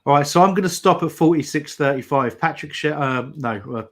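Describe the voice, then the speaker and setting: A man's voice: a little high, fairly quick, fairly bright tone. Man calling the match on a watch-along. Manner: running play-by-play, teasing. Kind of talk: casual match commentary chat.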